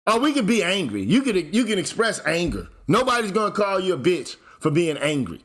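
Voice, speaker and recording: Male channel host with a high-pitched voice, blunt and profane, firing off rhetorical questions in a casual commentary rant. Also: very animated, fairly quick, fairly bright tone.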